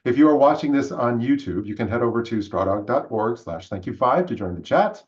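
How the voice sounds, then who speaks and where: A man hosting a live-streamed theater talk show, speaking in a friendly, halting way with many fillers. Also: mid-range voice, animated, a little mellow, muffled recording. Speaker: host.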